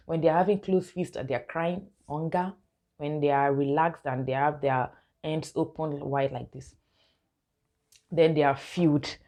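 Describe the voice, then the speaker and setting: A woman's voice: sits low, mellow. A young woman, a mother giving casual baby-care tips to her viewers and calling them guys. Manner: chatty, keeps addressing viewers as guys, laughs often. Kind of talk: casual instructional vlog.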